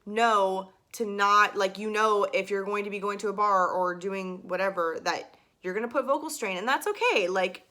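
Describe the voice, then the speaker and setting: A woman's voice: medium pitch, moderate pace, few pauses, bright, forceful tone. A young woman giving a casual singing lesson to camera, chatty and full of fillers and asides. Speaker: singing teacher.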